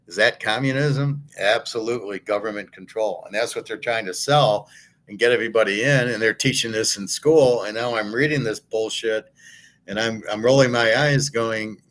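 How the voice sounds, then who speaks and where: A man's voice: mid-range voice, fairly bright tone. A middle-aged man, a sports handicapper, delivering a blunt, indignant monologue full of swearing and rhetorical questions. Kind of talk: ranting monologue.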